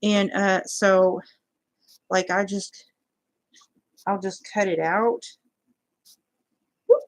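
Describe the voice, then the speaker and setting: A woman's voice: medium pitch, steady tone, very slow, low-quality recording. A woman vlogging a crochet tutorial in a casual, rambling way, talking to her viewers as she hunts for her supplies. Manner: chatty, scattered, talks to viewers while searching.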